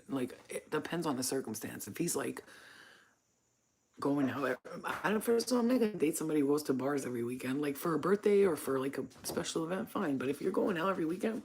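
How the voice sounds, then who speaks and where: A woman's voice: low-pitched, animated, fast talker, a little mellow, a little hiss or hum. A woman hosting her own channel, telling frank, profane stories in a casual monologue. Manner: blunt, profane, frank storytelling. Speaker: channel host.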